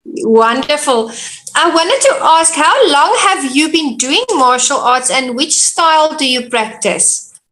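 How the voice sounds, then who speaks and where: High bright woman interviewer, slow and careful. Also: animated, low-quality recording. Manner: short encouraging responses. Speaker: interview host. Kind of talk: casual interview.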